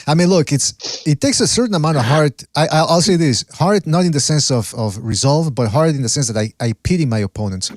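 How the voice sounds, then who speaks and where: A man's voice: a little high, lively intonation, a little fast, hardly any pauses, dry recording, studio quality. A man hosting a boxing podcast, joking and boasting in rambling, casual banter with lots of restarts.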